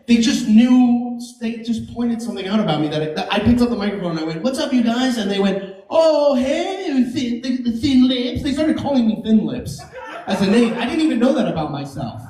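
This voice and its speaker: A man performing a stand-up comedy set, animated and jumping into silly high voices for his bits. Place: comedy club stage. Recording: echoey club from a distance with crowd laughter. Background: audience laughing.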